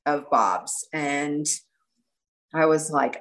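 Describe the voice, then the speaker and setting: A middle-aged woman telling an animated story in an interview and acting out the lines of the people in it. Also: low voice, slow pace, low-quality recording. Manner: animated, breathless storytelling with quoted dialogue. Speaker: guest.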